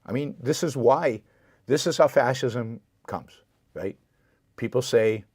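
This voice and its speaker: A man's voice: mid-range voice, slow, a little mellow, slightly rough, dry recording, clean studio sound. A man hosting a live political commentary show, speaking with impassioned indignation and answering viewer comments directly. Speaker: show host.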